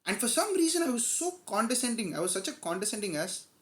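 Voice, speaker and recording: A man vlogger telling a personal story in a casual, animated way, stressing key moments. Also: extremely high pitch, fast, echoey room. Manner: animated, emphatic retelling with quoted dialogue.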